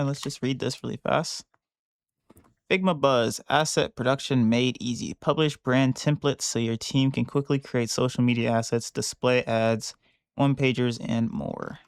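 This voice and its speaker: A man with a gravelly, mid-pitched voice talks casually over his own work, thinking aloud and often restarting his sentences. He sits close to the mic in a dry small room. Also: no echo. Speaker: bug bounty hunter streaming a live session. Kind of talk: casual live-stream commentary while working. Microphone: close mic on a headset or desk.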